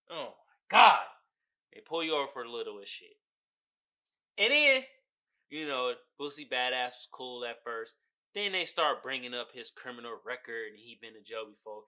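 A man hosting a podcast, giving casual solo commentary in an animated, profane way, often laughing and putting on voices. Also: mid-range voice, normal speed. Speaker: podcast host.

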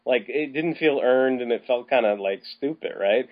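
Man, podcast co-host, casual rambling film chat, mid pitch, muffled lo-fi sound. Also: normal speed. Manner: rambling, with many restarts and casual swearing. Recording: slightly dull, lo-fi podcast audio.

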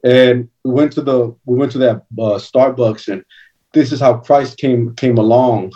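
A man's voice: mid-range voice, fairly even intonation, unhurried, warm tone. Distant earnest man telling testimony. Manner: earnest and conversational, with frequent "like" and "man". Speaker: guest minister sharing his testimony. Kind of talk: personal testimony storytelling. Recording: distant, dull lo-fi recording.

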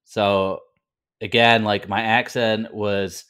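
Guy with an american accent, grew up in northern england, low voice, rambly with lots of um and like. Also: level tone, takes it slowly, a bit bright, clear, resonant tone. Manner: rambling, many fillers and restarts. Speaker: guest. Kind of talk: conversational interview.

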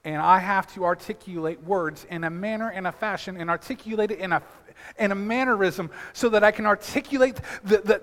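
A male pastor with a notably high voice preaches to his church, chatty and loose, stumbling over repeated words as he goes. His sermon rings through a large sanctuary with a long, lingering reverb. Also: a bit bright. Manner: conversational preaching with frequent restarts and repeated words; calls out to the congregation for responses.

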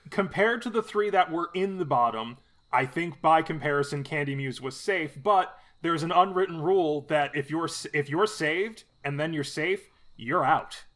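Blunt man with a bright, higher voice. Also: normal speed. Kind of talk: casual chat.

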